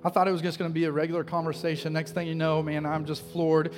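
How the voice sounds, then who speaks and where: A man's voice: on the high side, flat delivery, quick pace, long reverb tail. A man preaching a sermon as pastor, telling a story with growing passion and calling people forward. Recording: live sermon with music playing. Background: music.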